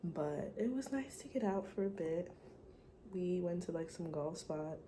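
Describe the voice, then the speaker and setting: A woman's voice: lowish voice, expressive, unhurried, warm tone, slight background noise, low-quality recording. A young woman talking candidly and gossipily in a casual vlog, swearing freely. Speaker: vlogger.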